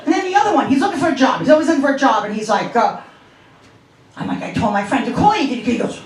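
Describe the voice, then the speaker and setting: A woman's voice: on the high side, lively intonation, quick pace. A woman in her fifties from Long Island doing a stand-up comedy set, brash and profane, telling stories in a conversational way. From Long Island, New York. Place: comedy club stage. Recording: echoey club from a distant mic.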